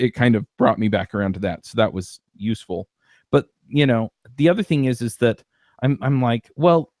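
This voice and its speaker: A man's voice: medium pitch, darkish tone, dry recording, studio quality. A man hosting a podcast, talking in a rambling casual way with many restarts and fillers. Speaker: podcast host. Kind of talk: casual chat.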